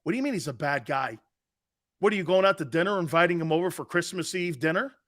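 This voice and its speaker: A man's voice: a little high, fast, fairly bright tone. A man hosting a sports talk show, ranting in a mocking, combative way and laughing at his own jokes. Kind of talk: brash sports talk rant.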